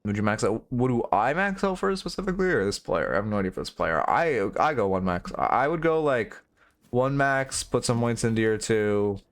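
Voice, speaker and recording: A man's voice: medium pitch, animated, moderate pace. A young man streaming and coaching a game, rambling through frank, profane critique in casual commentary.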